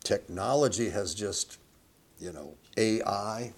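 A man's voice: on the low side, slow pace. Conversational man preaching a sermon. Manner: conversational preaching with chuckles and animated quoted voices. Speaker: pastor.

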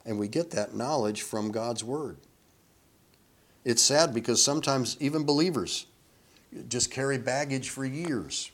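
A man preaching a sermon in a relaxed, conversational way, chuckling often and acting out quoted voices. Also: mid-range voice, measured pace. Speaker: pastor.

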